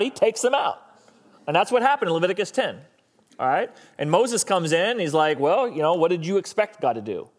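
Conversational male pastor preaching. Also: high voice. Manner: conversational, animated preaching with acted-out quotes. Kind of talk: sermon.

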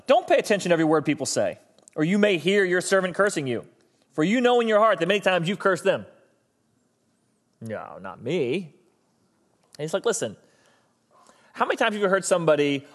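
Conversational male pastor preaching. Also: high-pitched. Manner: conversational, animated preaching with acted-out quotes. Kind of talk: sermon.

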